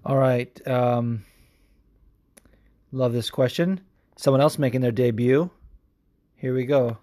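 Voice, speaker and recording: A man's voice: medium pitch, slow, mellow, dry recording. A man hosting a podcast, ranting and swearing emphatically in casual chat. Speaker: podcast host. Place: home room with cats.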